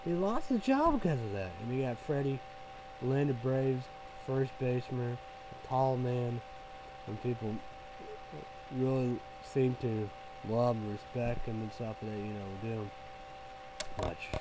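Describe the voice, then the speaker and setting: Male vlogger, loose profane ramble, filler-heavy, mid-pitched voice. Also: a little slow, long pauses, noisy background. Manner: rambling, profane, full of "you know" fillers. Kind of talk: casual rambling rant.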